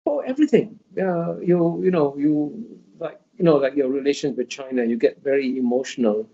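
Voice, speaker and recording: A man's voice: mid-range voice, normal speed, warm tone. Lecturing man on dull, muffled audio. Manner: emphatic, lecturing, many restarts. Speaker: interview guest. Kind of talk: interview answers.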